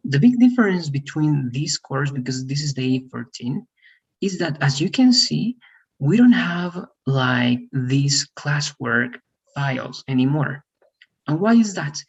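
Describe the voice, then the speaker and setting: Gravelly-voiced man teaching English. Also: on the high side, animated, a little slow, lo-fi sound. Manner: patient, checks in often with "right?" and "all right?". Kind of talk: one-on-one online English lesson.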